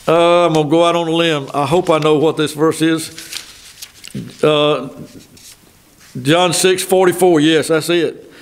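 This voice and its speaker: Older Southern male preacher, high voice, folksy and conversational from the pulpit. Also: steady tone, measured pace, pauses often, slight background noise. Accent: Southern American. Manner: folksy, thinking aloud with asides. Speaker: pastor. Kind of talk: sermon.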